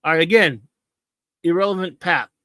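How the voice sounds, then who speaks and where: A man's voice: a little high, normal speed, bright, forceful tone, dry recording, clean studio sound. A middle-aged American man hosting a comics talk show, ranting about a comic with mocking scorn. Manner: scornful, mocking, repetitive rants.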